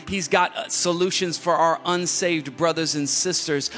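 A man preaching a sermon, repeating phrases with rising emphasis and moving from hushed whispers to fervent near-shouting. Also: on the high side, fairly even intonation, moderate pace, faint music behind. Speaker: pastor.

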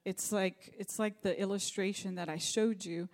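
A woman's voice: medium pitch, fairly even intonation, moderate pace, a little mellow. A middle-aged woman pastor preaching a sermon, telling a personal story in an earnest, faith-focused way.

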